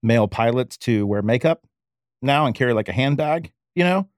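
A man's voice: medium pitch, expressive, normal speed, no room sound, clean studio sound. A man co-hosting a podcast, rambling through offhand trivia in casual chat. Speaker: podcast co-host.

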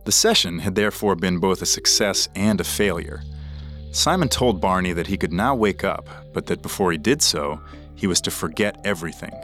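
A man narrating a scripted true story for a podcast in a measured, dramatic way. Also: low voice, animated, a bit bright, soft background music.

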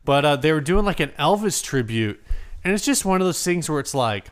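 Smooth-voiced rambling podcast guy. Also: a little high, animated, fairly quick. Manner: rambling, self-deprecating, trailing off. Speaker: podcast co-host. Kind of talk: casual chat.

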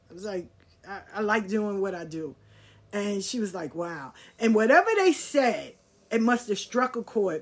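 Blunt, profane husky-voiced woman storyteller. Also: on the high side. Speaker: podcast host. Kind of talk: personal storytelling.

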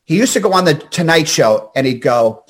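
A man in his sixties from Pennsylvania, a guest in a casual interview, telling stories in a rambling, animated way full of "you know what I mean.". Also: a little high, normal speed. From Scranton, Pennsylvania.

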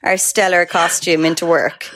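A young Irish woman co-hosting a podcast, telling stories in lively, laughing casual chat. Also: lowish voice, moderate pace. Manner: animated storyteller, laughing. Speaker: podcast co-host.

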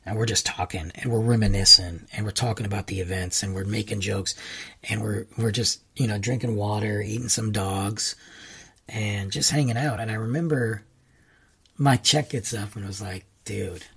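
Husky man telling a rambling story. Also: normal speed. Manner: animated, rambling, jumps to high excited pitch for quoted reactions. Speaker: podcast host. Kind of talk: casual storytelling monologue.

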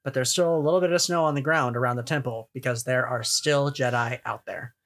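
A man's voice: mid-range voice, fairly even intonation, a little fast, fairly bright tone. A man co-hosts a casual fan podcast in an easygoing middle voice. He rambles and muses aloud, often restarting his sentences as he thinks. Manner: rambling, full of fillers and restarts, musing. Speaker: podcast co-host.

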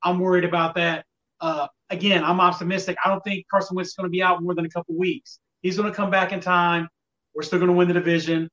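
Guy with a high voice venting on a sports podcast, kinda far from the mic, muffled lo-fi sound. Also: flat delivery, fast talker, a bit bright. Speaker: podcast co-host. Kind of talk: casual sports talk.

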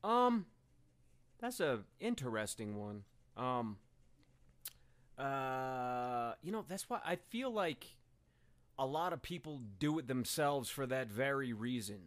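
A young man as a guest in a casual podcast chat, deadpan and joking, with frequent swearing. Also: mid-range voice, slow pace.

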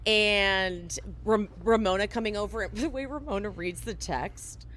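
A woman's voice: mid-range voice, measured pace, slight background noise. A woman co-hosting a casual chat, animatedly retelling scenes and acting out the quotes. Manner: animated storytelling, acts out quotes. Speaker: podcast co-host. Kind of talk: casual chat recapping a reality show.

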